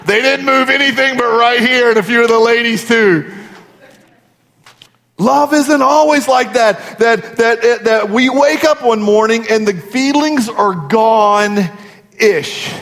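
A man's voice: very high-pitched, slow, gravelly, a bit bright. A man in his forties, a pastor giving a sermon in an earnest, conversational storytelling way. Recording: long hall reverb.

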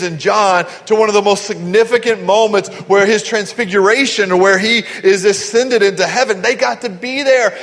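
A middle-aged man preaching a sermon as pastor, telling stories with lively, acted-out voices. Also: high voice. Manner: animated storytelling, acting out voices. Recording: long hall reverb.

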